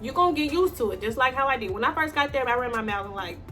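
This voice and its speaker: Young woman w/ AAVE, bright sharp voice, slangy and animated, bit of music under it. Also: fairly high pitch, rapid-fire. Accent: African American Vernacular English. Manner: animated, slangy, swearing, addresses viewers as y'all. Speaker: vlogger. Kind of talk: casual storytelling chat.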